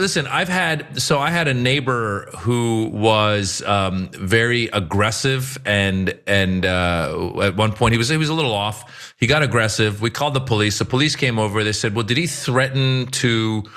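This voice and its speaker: A man's voice: fairly low pitch, fairly bright tone. A man co-hosting a political talk show, speaking emphatically and with exasperation, often acting out quotes. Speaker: co-host. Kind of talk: political commentary chat.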